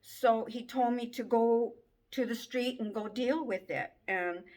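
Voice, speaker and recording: A woman giving an emotional personal testimony, speaking in a halting, tearful way. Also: fairly high pitch, darkish tone. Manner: slow, halting, tearful storytelling.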